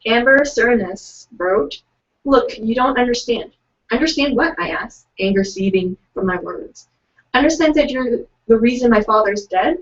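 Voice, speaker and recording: A young woman co-hosts an online writing event with a fairly high voice, hesitant and giggly, full of ums between lines. She sits a little away from the microphone, and the sound is muffled, as from a laptop mic. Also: lively intonation, moderate pace, distant mic. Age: young adult. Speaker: co-host of a virtual writing event. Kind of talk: casual chat, reading out excerpts.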